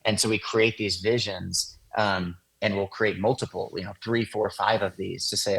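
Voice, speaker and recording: A man with a husky, slightly low voice talks through his ideas in a relaxed interview. He explains patiently, stringing thoughts together with plenty of fillers. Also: normal speed, hardly any pauses, low-quality recording. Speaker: guest, design agency founder. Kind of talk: casual interview talk.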